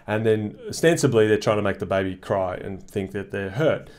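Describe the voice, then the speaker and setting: A man's voice: fairly low pitch, normal speed, a little mellow. A man giving a reflective monologue to camera, explaining his ideas in a thoughtful way with frequent "uh" fillers. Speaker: commentator. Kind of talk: reflective talking-head monologue.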